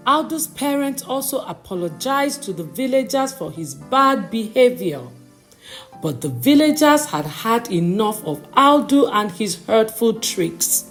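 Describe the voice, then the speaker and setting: A woman reads a folktale storybook at a slow, deliberate pace. Her voice sits high and moves widely in pitch. Soft music runs underneath. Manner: slow, expressive reading. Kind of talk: bedtime storybook narration.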